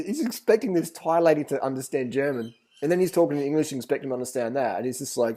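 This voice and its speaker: A man's voice: a little high, expressive, fast talker, hardly any pauses, mellow. Male vlogger, rambling storyteller, swears freely, blunt and casual.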